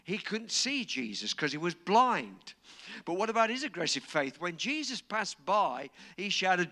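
A man preaching a sermon, dramatic and storytelling, acting out quotes and rising to shouts. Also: high-pitched, big pitch swings, a little slow.

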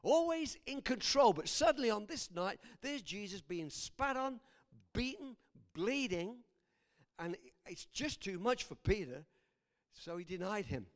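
A male preacher with a high, lively voice that leaps up and down as he preaches. He laughs between lines and swings from loud exclamations to hushed, quiet passages. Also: unhurried. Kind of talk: sermon.

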